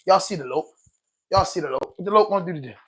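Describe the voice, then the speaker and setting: A man's voice: high voice, animated, fast talker, husky. A man doing an impression of a swaggering male street personality, repeating a sing-song catchphrase. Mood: hyped.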